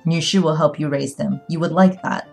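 A woman's voice: low voice, fairly even intonation, normal speed, gravelly, darkish tone, soft background music. A woman voicing a stern, proud older father in a read-aloud story, speaking in a clipped, commanding way.

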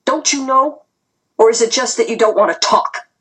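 A woman reading aloud and voicing a cruel male interrogator who taunts and snarls, her voice husky. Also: mid-range voice, animated, moderate pace, poor audio. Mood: snarling.

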